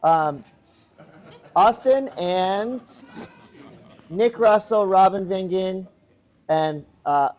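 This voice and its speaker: A man co-hosting a podcast live in front of an audience, teasing his partner and steering topics with quick questions. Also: high-pitched, darkish tone. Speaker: podcast co-host. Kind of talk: casual podcast chat before a live audience.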